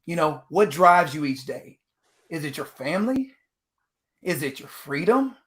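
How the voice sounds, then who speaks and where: A man from Texas giving an energetic motivational talk as a guest speaker on a video call panel. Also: on the high side, measured pace. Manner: energetic, preacher-like delivery.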